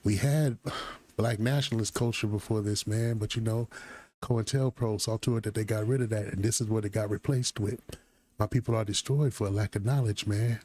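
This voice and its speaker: Male reaction host, low mellow tone, laid-back slangy delivery. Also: fairly even intonation, brisk. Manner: loose, slangy, talks back to the clips. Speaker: commentary channel host. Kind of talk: casual reaction commentary.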